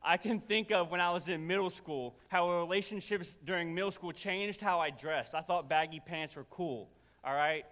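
Young male pastor, sharp bright tone, comic storytelling sermon, long church reverb. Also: high-pitched, moderate pace. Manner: humorous storytelling, animated and self-deprecating. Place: church sanctuary.

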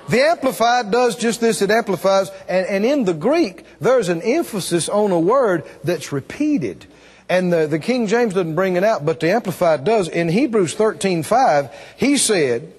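Preacher with a hall reverb. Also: male voice, high-pitched, lively intonation, normal speed, breathy edge. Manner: dramatic, swings from hushed to loud. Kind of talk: sermon.

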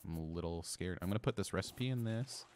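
A man casually bantering while playing a co-op game, joking and laughing often, swinging from mumbles to loud outbursts. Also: low voice, fast talker, a little hiss or hum. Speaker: co-op game streamer.

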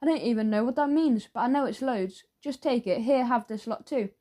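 A woman's voice: a little high, fairly quick, mellow, close to an everyday voice. A woman voicing a shy, awkward, apologetic twelve-year-old boy who speaks hesitantly. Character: shy, awkward rich schoolboy.

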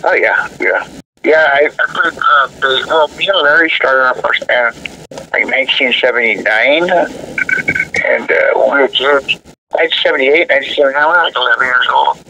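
Male interview guest, sharp bright tone, rambles and restarts, set back from the mic. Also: mid-range voice, steady tone, moderate pace, distant mic, a little hiss or hum, low-quality recording. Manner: rambling, many fillers and restarts. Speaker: guest musician, death metal vocalist. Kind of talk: casual interview talk.

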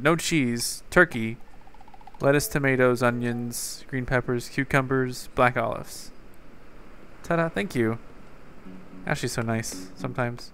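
A man giving casual, chatty gameplay commentary, talking to himself and to someone off-mic, and now and then calling out a name. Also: medium pitch. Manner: repeatedly shouts a name into the game mic. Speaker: gaming YouTuber.

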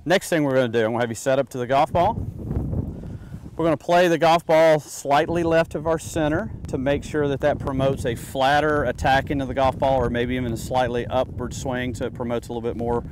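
A man's voice: medium pitch, steady tone, fairly quick, background noise. A man giving a golf putting lesson outdoors, patiently coaching step by step. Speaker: golf instructor.

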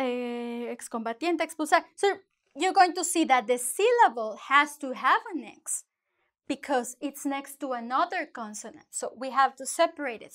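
A woman with a high, bright-pitched voice teaches a lesson online. She is playful and lively, moving easily between English and as she explains. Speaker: Spanish teacher.

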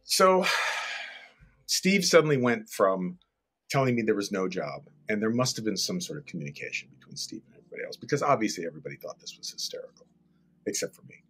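A man's voice: fairly low pitch, very animated, fast, fairly bright tone, husky, soft background music. A middle-aged man, a guest animator and director, telling an anecdote casually and animatedly, acting out scenes and swearing freely.

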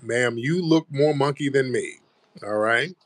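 A man's voice: medium pitch, unhurried, dry recording. Taunting man on a dry close mic. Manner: mocking, taunting, repeating "ma'am". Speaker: livestream host. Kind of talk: heated live-stream argument.

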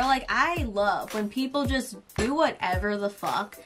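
A young woman telling a story on her channel in a casual, dramatic and animated way, breaking into shrieks and swearing. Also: mid-range voice, unhurried. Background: background music.

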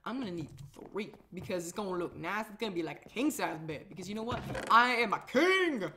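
A woman's voice: on the low side, fast talker, a little hiss or hum. A woman hosting a casual gameplay video, chatting in a rambling, self-mocking way. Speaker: Minecraft let's-play host.

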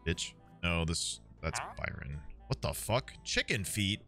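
A man streaming a game, chatting casually to his viewers, excitable and swearing often. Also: low-pitched, a little slow, music in the background. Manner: excitable, swears a lot, talks to chat.

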